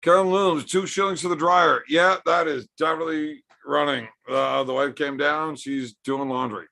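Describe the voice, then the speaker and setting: A man's voice: on the high side, fairly even intonation, moderate pace, vocal fry, bright, forceful tone. A man hosting a casual livestream from home, bantering with chat in a joking, profane way. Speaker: livestream host.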